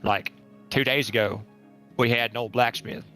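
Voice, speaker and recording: A man's voice: medium pitch, steady tone, moderate pace, a bit bright, faint music behind, natural voice. A man voicing a conspiratorial male townsman who rants in a folksy way to stir up a crowd.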